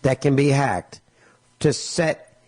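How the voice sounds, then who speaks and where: A man's voice: medium pitch, slow, slightly rough. A male talk radio host, telling stories with sarcasm and exasperation and acting out both sides of conversations. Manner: animated storytelling, acts out both sides of conversations.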